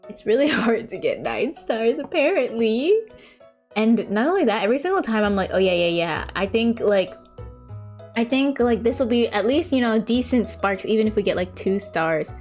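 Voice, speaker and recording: A woman in her twenties chatting casually while drawing on stream, telling stories with frequent laughter and high-pitched impressions of relatives. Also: expressive, normal speed, darkish tone, faint music behind. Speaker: vtuber streamer.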